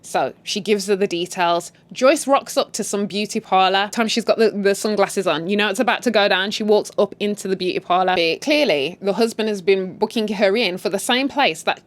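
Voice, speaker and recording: A woman casually recapping a drama series, animated and indignant, swearing freely as she reacts. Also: mid-range voice, brisk, few pauses. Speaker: story retell host.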